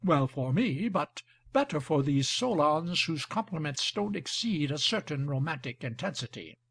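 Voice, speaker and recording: A man reading the part of a scheming older marquis with gout, speaking in an ironic, flattering way. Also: a little high, normal speed, exaggerated voice. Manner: ironic, flattering, smooth talker.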